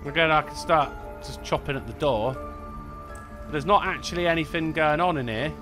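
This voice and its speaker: A man's voice: on the high side, moderate pace, music in the background. A man streaming a video game, rambling, swearing and mocking himself as he plays. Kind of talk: let's play commentary.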